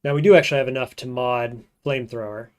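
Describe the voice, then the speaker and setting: A man streaming a roguelike, thinking aloud in casual gameplay commentary and often trailing off into quiet mutters. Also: medium pitch, fairly even intonation, fast, smooth.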